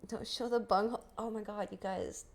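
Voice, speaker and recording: A woman's voice: mid-range voice, fairly even intonation, fairly quick, gravelly, soft background music. Rambling, swearing woman streamer. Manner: rambling, swearing, laughs often. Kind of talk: casual livestream chat.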